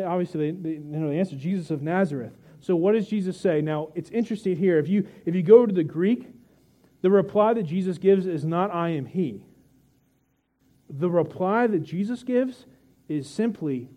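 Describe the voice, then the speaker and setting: High-voiced male pastor, casual and mellow. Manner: conversational, joking with the congregation; vivid storytelling, dramatic pauses. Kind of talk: sermon.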